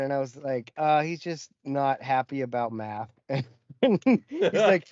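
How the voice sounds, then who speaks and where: A man co-hosting a podcast, telling a story with lively acted-out quotes in casual chat. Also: mid-range voice, a little slow, dry recording, lo-fi sound. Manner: animated storyteller, acts out quotes. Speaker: podcast co-host.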